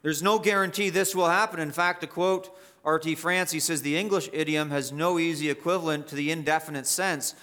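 A man's voice: fairly high pitch, fairly even intonation, a little fast, bright, forceful tone. A male pastor preaching an expository sermon, emphatic and repetitive, rising sharply to stress key points.

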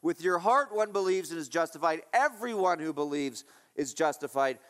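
A man's voice: fairly high pitch, expressive, normal speed. A male pastor preaching a sermon, emphatic and repetitive, asking his listeners rhetorical questions.

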